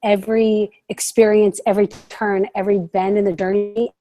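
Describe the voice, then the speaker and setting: An American woman, a counselor by trade, talks as a podcast guest in an eager, reflective manner. Her voice sits at a medium pitch with a mellow, darker tone. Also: flat delivery, moderate pace, soft background music. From United States. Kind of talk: casual podcast conversation.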